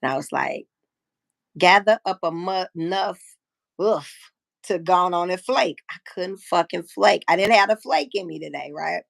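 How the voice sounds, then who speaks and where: A woman in her fifties hosting a live stream, telling a personal story in a frank, profane, animated way and acting out what people said. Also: fairly low pitch, normal speed, gravelly, dry recording. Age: 50s. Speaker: livestream host. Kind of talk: casual storytelling chat.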